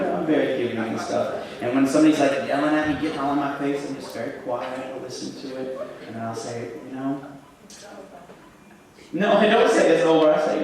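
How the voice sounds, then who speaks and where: A man doing comic stage banter as a performance poet at a school show, teasing the audience, with sudden loud yelps between quiet asides. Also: mid-range voice, steady tone, fairly quick. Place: school hall, live audience. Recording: echoey hall from far off, crowd.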